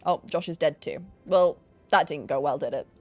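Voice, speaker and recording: Playing a game on a relaxed live stream, this woman from Yorkshire, England, banters with and teases her chat in a northern English accent. Her voice sits low and moves at normal speed, with no room sound and soft music in the background.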